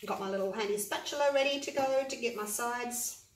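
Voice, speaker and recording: A woman's voice: on the high side, fairly quick, recorded from a distance. A woman vlogging a paint-pouring demonstration, talking in a chatty, practical and encouraging way. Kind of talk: casual demonstration talk. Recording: roomy echo, voice from away from the mic.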